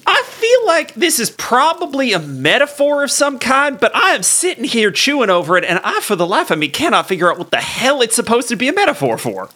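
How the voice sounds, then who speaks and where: Brief: game master, man, crisp bright tone, casual filler-laden scene setting. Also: extremely high pitch, huge pitch swings, brisk, few pauses. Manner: loose, filler-heavy narration. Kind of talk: narrating a tabletop game.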